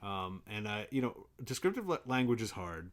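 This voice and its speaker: Man, podcast co-host, casual book chat, animated pitch, playful. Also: moderate pace. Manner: chatty, breaks into playful shouted impressions.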